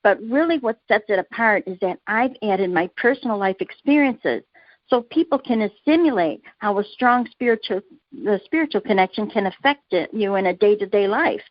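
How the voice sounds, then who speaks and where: A woman's voice: mid-range voice, expressive, moderate pace, no room sound. Woman author guest, sincere, tells her own little stories, muffled dry sound. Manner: earnest, laughs easily, tells personal anecdotes. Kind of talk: casual interview answers.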